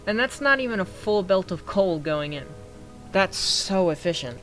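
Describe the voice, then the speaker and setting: A young man giving casual gameplay commentary, thinking aloud through numbers and getting excited when things work. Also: high-pitched, normal speed, soft background music. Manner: excited bursts. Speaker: gaming youtuber. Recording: faint background noise.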